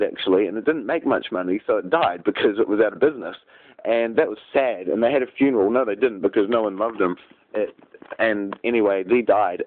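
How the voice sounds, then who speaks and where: A man rambling through a crude, improvised nonsense story, giggling at his own jokes. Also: on the low side. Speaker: vlogger telling an improvised rant. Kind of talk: improvised absurd storytelling rant. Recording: tinny phone-like audio.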